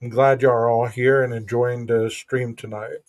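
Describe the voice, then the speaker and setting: A man's voice: mid-range voice, level tone, moderate pace, a little mellow. Earnest reflective man hosting a stream. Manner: earnest, reflective, says "bro" and "you know". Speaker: podcast host. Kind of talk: casual livestream chat.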